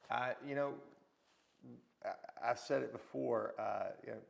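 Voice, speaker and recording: At a measured pace, a man with a mid-range, creaky voice tells stories as a guest in a casual interview. He's animated, acting out the quotes of the people in his anecdotes.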